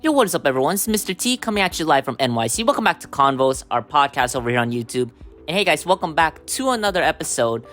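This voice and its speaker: A man hosting a casual solo podcast, hoarse from a cold, rambling with lots of fillers and throat-clearing. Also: a little high, sing-song, fast, fairly bright tone, faint music behind. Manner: rambling, full of "you know" and "um", throat-clearing. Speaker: podcast host.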